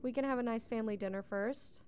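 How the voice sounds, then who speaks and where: A woman's voice: on the high side, quick pace, darkish tone, clean tone. A young woman giving casual, chatty gameplay commentary as a let's play host, talking to the characters on screen and yawning often. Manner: chatty, talks to the game characters. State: yawning a lot.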